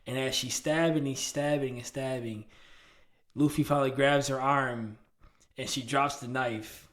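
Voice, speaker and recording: A man's voice: mid-range voice, measured pace. A man co-hosting a podcast, telling stories in a loose, slangy way with lots of fillers and restarts. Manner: animated storytelling, slangy, many fillers and restarts. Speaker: podcast co-host. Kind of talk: casual chat.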